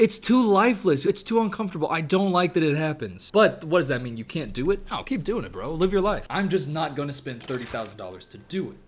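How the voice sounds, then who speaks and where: Animated man riffing in reaction commentary. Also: a little high. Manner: animated, exaggerated, riffing on tangents. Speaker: online video host.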